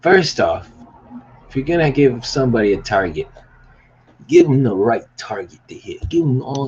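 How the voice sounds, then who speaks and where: At a moderate pace and with a slightly rough, lowish voice, the man rambles through a behind-the-scenes look at his small business's merch. He's hyped, curses occasionally, and breaks into excited yelling. The audio sounds dull.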